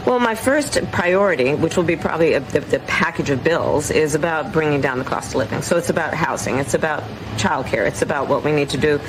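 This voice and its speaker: A woman politician answering a reporter's question in a halting, hedging way. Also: sits low, lively intonation, background noise. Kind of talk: press answer.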